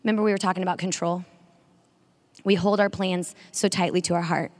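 A woman giving an energetic sermon-style talk to a women's audience, drawing call-and-response. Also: lowish voice, a little fast. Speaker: speaker at a women's faith event. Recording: long reverb of a large hall.

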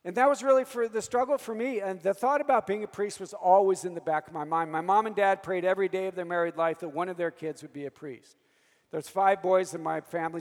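A man's voice: sits high, long reverb tail. A priest in his fifties preaching a sermon, telling personal stories and calling to the audience for an "Amen?". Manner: storytelling, calls for "Amen?" from the audience.

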